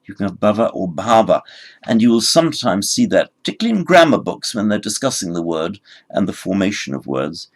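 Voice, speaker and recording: A man teaching a recorded grammar lesson, explaining word forms patiently and spelling them out slowly. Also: fairly low pitch, very animated. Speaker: language teacher.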